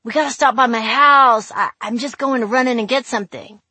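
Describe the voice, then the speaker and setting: A woman voicing a young male band member driving a van who talks loudly in a rush. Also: a little high, fairly quick, husky, no echo, voice pushed up. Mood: hurried.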